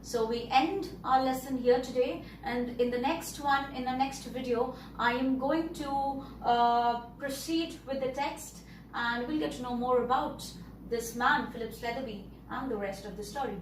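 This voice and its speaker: A woman's voice: sits high, a little slow, far from the mic, a little hiss or hum. A woman teacher explaining a story to pupils, repeating and rephrasing words as she goes. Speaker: English teacher. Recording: echoey room, voice a bit off-mic.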